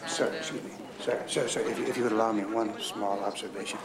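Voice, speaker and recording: Actor as a nervous, deferential doctor who stammers, echoey room, crowd noise. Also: male voice, lowish voice, fast talker, close to an everyday voice. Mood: flustered.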